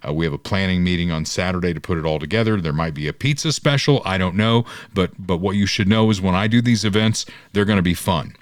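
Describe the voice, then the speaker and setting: A middle-aged man hosts a casual podcast, his voice sitting very low and deep. He chats in a folksy, upbeat way and slides into sponsor reads like a friendly salesman. The sound is dry, with no room around it. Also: quick pace, few pauses, dry recording. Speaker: podcast host and local political candidate.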